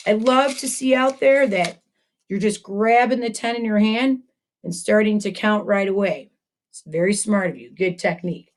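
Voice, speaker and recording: A woman's voice: mid-range voice, a little slow, a little hiss or hum. A woman teaching a math lesson to second graders, upbeat and encouraging, chatting with a puppet as she goes. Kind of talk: video math lesson for children.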